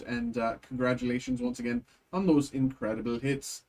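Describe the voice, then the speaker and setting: A man hosting a live stream card break, reading off card names in quick lists and chatting with his viewers. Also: mid-range voice, lively intonation, gravelly, a little mellow. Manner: chatty with chat viewers, thanks buyers. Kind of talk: live stream pack opening.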